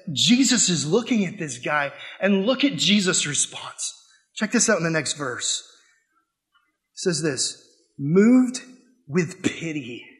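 High-voiced young preacher, animated. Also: male voice. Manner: animated, shifts from loud acted quotes to quiet earnest asides. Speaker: pastor. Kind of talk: sermon.

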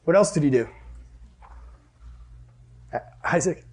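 A young man with a high voice tells a campfire-style story to a youth group, bubbly and full of "like". He laughs often and keeps things loose before turning to Bible study. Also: animated, takes it slowly, darkish tone.

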